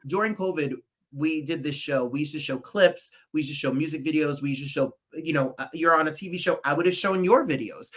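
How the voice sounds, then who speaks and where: A man's voice: fairly high pitch, brisk. A man from New Jersey hosting a casual chat, talking in an effusive, rambling way. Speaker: host.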